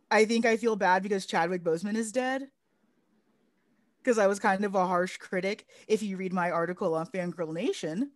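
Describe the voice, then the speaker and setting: A woman co-hosting a podcast in casual chat, sarcastic and profane with quick asides. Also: medium pitch, faint music behind. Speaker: podcast co-host.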